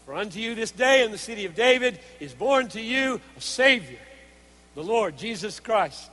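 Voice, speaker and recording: A man preaching a sermon in an earnest, emphatic way, moving between hushed stretches and forceful ones. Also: sits high, expressive, normal speed. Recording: hall reverb.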